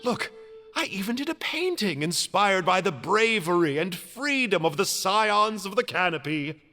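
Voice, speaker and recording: An actor playing a cheerful, chatty member of a sinister order in a game, playfully polite. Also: male voice, sits high, very animated, unhurried, pushed and bright, faint music behind, full character voice.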